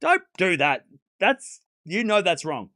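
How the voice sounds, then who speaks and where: A man with a sore throat hosting a tennis livestream, chatting casually to his viewers in a blunt, animated way and scolding them when they get rude. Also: high-pitched, slow pace, no echo, clean studio sound.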